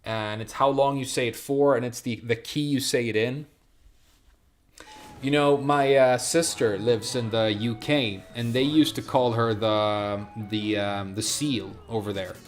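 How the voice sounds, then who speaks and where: A man's voice: medium pitch, unhurried, slight background noise. A man from Sweden, chatting casually as a game streamer, rambling from one thought to the next and answering his chat.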